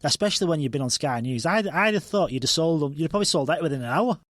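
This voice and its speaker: A man hosting a podcast, eager and excitable as he chats with a guest. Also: fairly high pitch, no room sound, clean studio sound. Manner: eager and excitable, talks in quick bursts. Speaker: podcast host. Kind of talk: casual chat.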